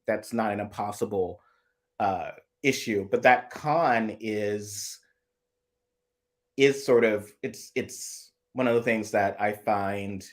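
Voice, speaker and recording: Low-voiced man musing in a long ramble. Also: takes it slowly. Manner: rambling, analytical, many restarts. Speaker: co-host. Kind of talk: casual chat.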